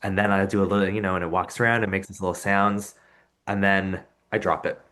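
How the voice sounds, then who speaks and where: A man with a very low voice speaks as a guest on a relaxed podcast. He talks thoughtfully, telling stories and acting out short exchanges as he goes. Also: quick pace. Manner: thoughtful storyteller, acts out anecdotes. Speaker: professional puppeteer, podcast guest. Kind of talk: casual interview chat.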